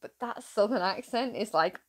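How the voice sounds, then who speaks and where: A woman's voice: medium pitch, normal speed. A young woman from England hosting a reaction video, chatting casually in a giggly, gushing, rambling way.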